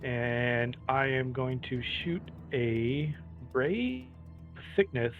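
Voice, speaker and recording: A man's voice: mid-range voice, takes it slowly. A man playing a tabletop role-playing game, describing his actions step by step on a dull lo-fi mic. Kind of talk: casual tabletop game play. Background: faint fantasy background music.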